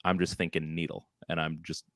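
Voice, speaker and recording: A podcast co-host with a very deep voice speaks fairly quickly into a close studio microphone, with no room sound. His casual chat turns into an animated, rambling story full of self-deprecating laughter.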